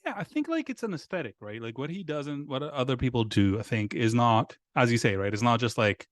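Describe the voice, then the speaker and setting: Halting, laughing man in casual talk. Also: mid-range voice, expressive, dry recording, clean studio sound. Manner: halting, many restarts and fillers, laughs often. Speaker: podcast guest. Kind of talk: casual conversation.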